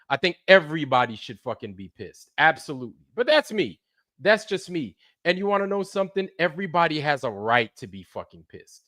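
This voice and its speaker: A man's voice: medium pitch, lively intonation, normal speed, no echo, studio quality. Profane ranting man on a livestream. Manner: profane, repetitive, swings between muttering and shouting. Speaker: live streamer. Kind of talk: heated livestream rant.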